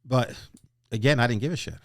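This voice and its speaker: A man's voice: medium pitch, a little fast, a bit bright, dry recording, studio quality. An older man telling blunt, profane war stories as a guest in a casual interview. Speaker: guest, retired Marine master gunnery sergeant. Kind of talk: casual podcast interview storytelling.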